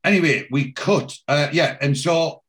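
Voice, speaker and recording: Retelling a TV episode and quoting its characters' lines, this English podcast host keeps the chat casual. His voice is a little high and a bit bright, and he speaks a little slowly.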